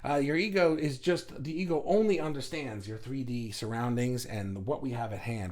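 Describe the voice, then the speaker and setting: A man's voice: medium pitch, expressive, moderate pace, hardly any pauses, a little mellow. A man hosting a casual spiritual livestream, answering viewers' chat in a reflective, thinking-aloud way. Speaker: host answering live chat.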